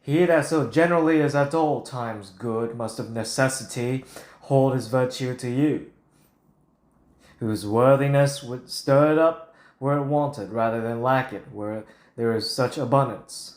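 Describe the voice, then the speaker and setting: A stagey Shakespearean speaker in a put-on British accent, as a man recites the lines, declaiming slowly and deliberately in a mid-pitched voice. The sound bounces around a roomy space, with a clear echo on every phrase. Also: a little mellow, close to an everyday voice. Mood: theatrical.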